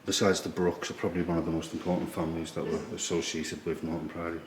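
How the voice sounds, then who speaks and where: A man quietly explaining history as he walks visitors through a museum in an old priory. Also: little pitch movement, fast talker. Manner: hushed, low-key explaining. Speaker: history tour guide. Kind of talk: walking tour vlog. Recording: echoey room with background noise.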